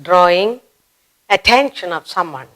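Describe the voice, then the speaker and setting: A woman teaching a basic grammar lesson for children. She speaks slowly, repeats key words and acts out example exclamations. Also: lowish voice, animated, a bit bright, low-quality recording. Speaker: English teacher.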